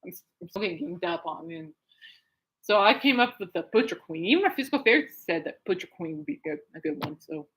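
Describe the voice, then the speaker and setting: A woman's voice: on the low side, lively intonation, fast, fairly bright tone, slightly rough, poor audio. A woman hosting her own podcast, rambling casually through a story with frequent laughs and restarts. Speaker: podcast host. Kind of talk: casual solo podcast chat. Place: at home.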